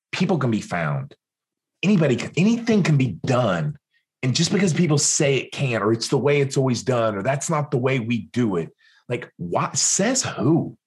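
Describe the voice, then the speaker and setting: Animated man telling a story. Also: medium pitch. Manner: animated, acts out other people's lines. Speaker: guest, former military interrogator. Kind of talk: storytelling in an interview.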